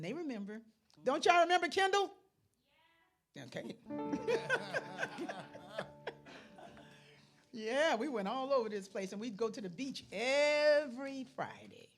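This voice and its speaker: Woman host, mid-range voice, unhurried folksy rambling chat, music behind her. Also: mid-range voice. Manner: loose, rambling, folksy talk with frequent restarts. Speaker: livestream devotional host. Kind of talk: casual chat.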